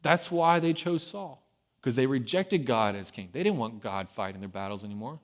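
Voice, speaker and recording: A man's voice: medium pitch, lively intonation, moderate pace. A man preaching a sermon in a casual, conversational way. He keeps checking in with the crowd with "right?" and acts out the voices in his story. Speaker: pastor.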